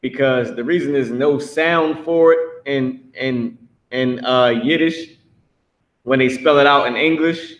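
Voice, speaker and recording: A man's voice: medium pitch, measured pace, rough recording. A man teaching a class, blunt and emphatic, swearing freely as he explains.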